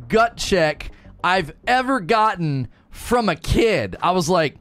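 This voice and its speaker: A man in his thirties casually telling stories to his stream, animated and self-mocking, laughing often. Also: sits high, slow, faint music behind. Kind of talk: casual storytelling to a live stream.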